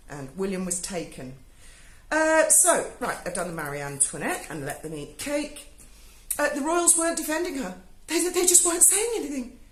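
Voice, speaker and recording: Sarcastic woman ranting, echoey room. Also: mid-range voice. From Britain. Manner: sarcastic, swears freely, mocking asides. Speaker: YouTuber. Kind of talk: sarcastic review monologue. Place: home in Spain.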